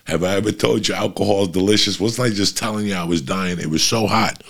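Gravelly low-voiced man telling crude stories. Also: fast talker. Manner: profane, animated, addresses listeners as guys. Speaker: podcast host. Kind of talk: casual comedic storytelling.

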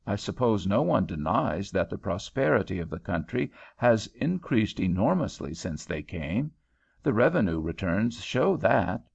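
A man plays a relaxed, reasonable American traveller who muses and questions at an even pace. The voice is low, deeply gravelly and lively in pitch, heard through a dull, lo-fi recording. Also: moderate pace, full character voice. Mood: musing.

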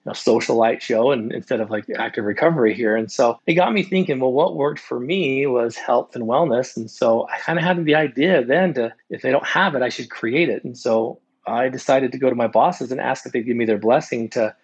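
Husky-voiced man telling a story. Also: mid-range voice, a little fast, hardly any pauses. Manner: lively storyteller who acts out other people's lines. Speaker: podcast guest, recovery coach. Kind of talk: casual storytelling. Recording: dull, lo-fi sound.

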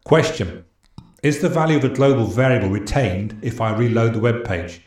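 A man's voice: mid-range voice, normal speed, a little mellow, dry recording, clean studio sound. A man casually teaching a programming lesson, chatty with joking asides and frequent ums and restarts. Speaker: programming instructor.

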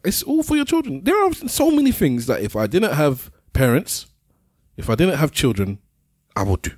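A middle-aged man co-hosting a casual podcast chat, talking in halting bursts and repeating words as he starts a point. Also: fairly high pitch, sing-song, a little mellow, breathy edge, no echo, clean studio sound. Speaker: podcast co-host.

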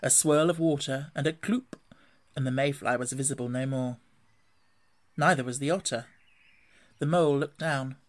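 A reader narrating a classic storybook in a measured, even way. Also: medium pitch. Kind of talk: storybook reading.

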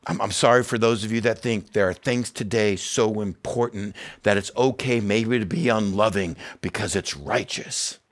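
Earnest middle-aged male pastor, low voice. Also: moderate pace, few pauses. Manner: earnest, emphatic, repeats key phrases; casual asides. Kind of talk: sermon.

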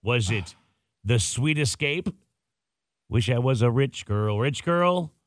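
A man's voice: medium pitch, animated, takes it slowly, no echo. A man hosting a morning radio show, running a quiz and teasing his co-host in studio banter. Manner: joking, teasing.

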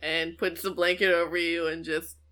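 A woman playing a tabletop game, giggly and animated as she describes her character's actions. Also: on the low side, normal speed. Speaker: player. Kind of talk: casual chat, tabletop role-play.

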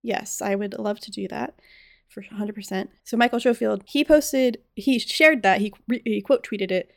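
A woman hosting her own podcast talks in a loose, chatty way, laughing often and circling back on her sentences. Her voice has a gravelly, fry-laden texture at a middling pitch. The recording is dry and close, with no room around her. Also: moderate pace, dry recording. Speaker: podcast host. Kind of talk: casual chat.

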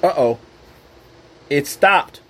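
A man's voice: fairly high pitch, lively intonation, extremely slow, low-quality recording. A man giving an earnest, personal devotional talk into his own microphone, emphatic and repeating phrases for weight. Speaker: Christian speaker.

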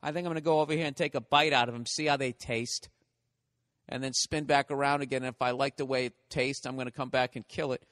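A man's voice: mid-range voice, fairly even intonation, fast, a bit bright, long reverb tail, lightly acted. A man voicing a hungry shark that schemes crudely about biting a swimmer. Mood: scheming. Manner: crude, mocking.

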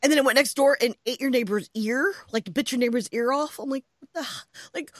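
A woman co-hosting a podcast from home, telling a story in a lively, exclaiming way and laughing often. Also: high voice, a little fast, dry recording. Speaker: podcast co-host. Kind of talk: casual chat. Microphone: headset earphones.

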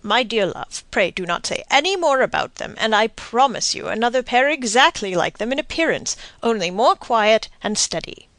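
A woman's voice: on the high side, sing-song, moderate pace, few pauses, a bit bright, dry recording. Cajoling middle-aged banker, read by a woman narrator; dry. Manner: smooth, cajoling. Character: pompous middle-aged male banker, wheedling.

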